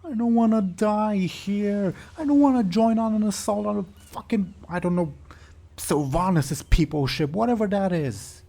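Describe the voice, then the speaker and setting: Man voicing a squealing, high-pitched coward of a prisoner; frantic, cursing. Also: normal speed, gravelly, mellow. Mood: panicky. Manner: shrill, frantic, swearing. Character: whiny panicky cowardly male prisoner called the Weasel.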